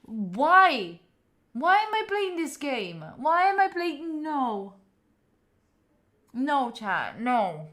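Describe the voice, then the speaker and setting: Very high-voiced excitable woman. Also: extremely slow, pauses often. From Italy. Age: young adult. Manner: excitable, chanting repeated words, swearing, talking to chat. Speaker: streamer. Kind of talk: live gameplay reactions. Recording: clear background noise.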